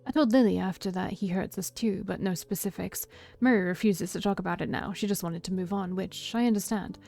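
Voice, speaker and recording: A woman voicing a troubled young man who confesses a past killing, read in a quiet, heavy tone with a gravelly edge. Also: medium pitch, brisk. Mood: grim.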